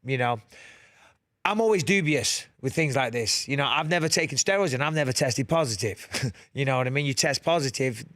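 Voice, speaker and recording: A man's voice: medium pitch, expressive, brisk, fairly bright tone, dry recording. A man with a northern English accent, talking frankly as a guest in a casual studio interview and laughing easily. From England. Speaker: guest fighter. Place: radio studio.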